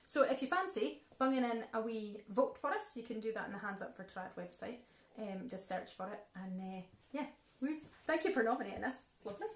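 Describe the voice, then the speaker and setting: Lively woman, roomy home stream. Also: a little high, a little fast. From Scotland. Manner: lively, chatty, teasing. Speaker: musician and livestream co-host. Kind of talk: casual chat between tunes. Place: living room at home. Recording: roomy home livestream audio with music.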